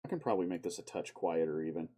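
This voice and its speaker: A man with a low voice talks at a racing pace over heavy background noise. He's live-streaming while editing a video, talking to himself, swearing often, and bursting into sudden outbursts.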